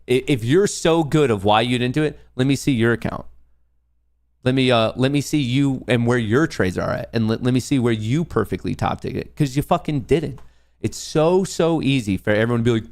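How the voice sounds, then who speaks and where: A young man hosting a live trading stream, ranting profanely at comments from his chat. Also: medium pitch. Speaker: livestream trading host.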